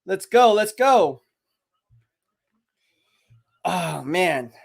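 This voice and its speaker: Hyped high-voiced man streaming live. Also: sing-song, extremely slow, vocal fry, slightly rough. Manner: hyped, chatty, shouts out viewers. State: out of breath from curls. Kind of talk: live draft watch party, reading chat.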